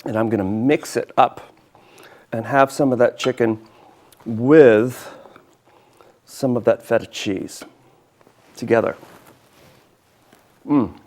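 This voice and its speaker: A man's voice: medium pitch, fairly even intonation, slow pace, long pauses, a little mellow. A man hosting a local cooking show, chatting casually and enthusiastically while he eats and sometimes talks with his mouth full.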